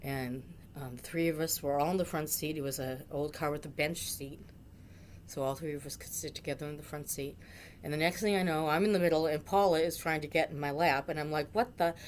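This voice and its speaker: A woman's voice: sits low, steady tone, a little fast, slight background noise. A middle-aged woman from Massachusetts telling a funny memory about a friend, with dramatic, jokey exaggeration. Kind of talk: storytelling tribute.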